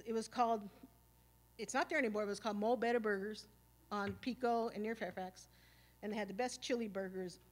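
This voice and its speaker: A woman, speaking on stage at a symposium and telling stories in a casual, streetwise, profane way, full of "you know" and "like", and acting out old arguments. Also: fairly high pitch. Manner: animated, acting out past arguments. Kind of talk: storytelling talk at a symposium. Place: stage at a live event.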